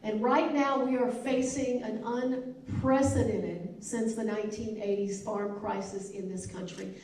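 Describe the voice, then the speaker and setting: A woman's voice: a little high, steady tone, unhurried, darkish tone, slight background noise. A woman with a Southern US accent gives a town hall speech as a congresswoman, in an emphatic, repetitive oratorical manner. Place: elementary school hall. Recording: echoey hall from far off.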